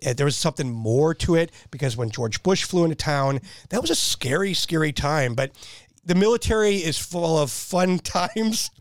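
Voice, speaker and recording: Guy telling war stories on a podcast, bit high voice, super dry sound, laughs at his own jokes. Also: animated, normal speed, no echo. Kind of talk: casual storytelling chat.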